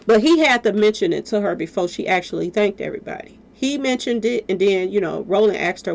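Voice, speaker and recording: A woman's voice: mid-range voice, lively intonation, brisk, vocal fry, few pauses. A woman giving casual spoken commentary to her viewers, talking straight at them with lots of rhetorical questions. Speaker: commentary vlogger.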